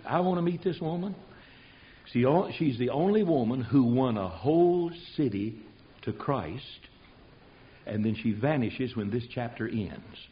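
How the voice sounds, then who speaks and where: A man preaching an animated sermon, telling the story in a folksy way and swinging from loud to hushed. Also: medium pitch, a little slow. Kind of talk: animated sermon with acted-out voices. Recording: dull lo-fi sermon recording.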